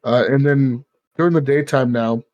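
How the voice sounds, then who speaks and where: A man's voice: medium pitch, normal speed, darkish tone, muffled recording. A man hosting a podcast in casual chat, rambling with lots of fillers and swearing. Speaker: podcast host.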